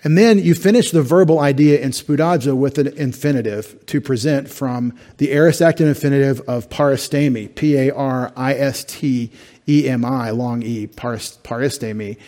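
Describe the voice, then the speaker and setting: This middle-aged male pastor has a mellow, mid-range voice and a moderate pace. Standing in a church sanctuary, he preaches an expository sermon that explains Greek words gradually, seasoned with wry humor.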